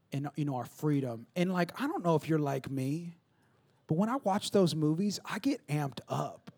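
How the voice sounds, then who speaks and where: A man preaching a sermon in a conversational, repetitive way that builds to shouting. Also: a little high.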